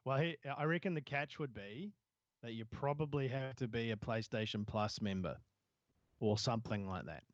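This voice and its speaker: Rambling co-host with a dry, dull sound. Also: male voice, mid-range voice, moderate pace, no room sound. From Southern Hemisphere. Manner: rambling, hesitant, many fillers. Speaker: podcast co-host. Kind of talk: casual tech news chat.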